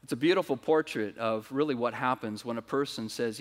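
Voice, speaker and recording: A male pastor preaching to a church congregation, storytelling in an earnest way with restarts and his pitch in a middle range. The sound is soaked in long church-hall reverb. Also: brisk, few pauses. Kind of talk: sermon. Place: church service.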